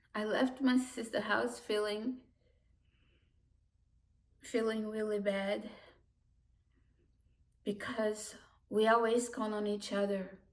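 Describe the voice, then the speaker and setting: Woman, personal storyteller, slow and halting, emotional restarts, voice set back from the mic. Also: mid-range voice. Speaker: immigrant community worker. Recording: voice distant from the mic.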